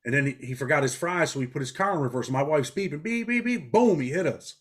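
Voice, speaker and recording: Casting: middle-aged New man, rapid street-talk interview guest, mid-range voice. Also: mid-range voice, breathy edge. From New York. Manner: blunt street talk, frequent "man" and "bro". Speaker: interview guest, former prisoner. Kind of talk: casual interview storytelling.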